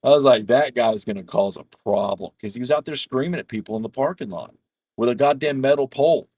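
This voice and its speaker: A man's voice: mid-range voice, brisk, darkish tone, husky, dry recording. A middle-aged man chatting casually over voice chat while gaming, telling stories in a rambling, profane way full of restarts. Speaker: gamer chatting with a friend.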